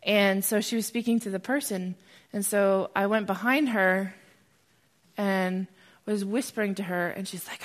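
An unhurried young American woman with a mid-range voice delivers a church testimony talk with slides. She tells her story with animation, becoming loud and excited as she recounts it.

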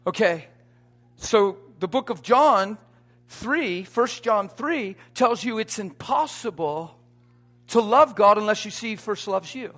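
A man preaches a sermon in a very high, bright voice. He drops to quiet asides, then builds to loud, emphatic points, and mixes in folksy jokes and everyday sayings. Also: measured pace.

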